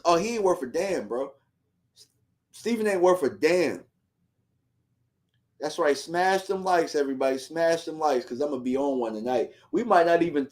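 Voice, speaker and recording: Heated ranting man with a fairly high voice. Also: darkish tone. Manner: heated, ranting, slangy, reads viewer comments. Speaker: host of a fan livestream. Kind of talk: casual livestream commentary.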